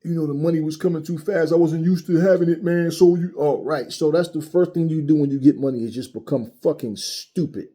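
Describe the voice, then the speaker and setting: Angry, husky-voiced man ranting. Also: on the high side, fairly even intonation, fairly quick, hardly any pauses, mellow. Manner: angry, profane, mocking. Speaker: boxing commentary channel host. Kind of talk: heated opinion rant.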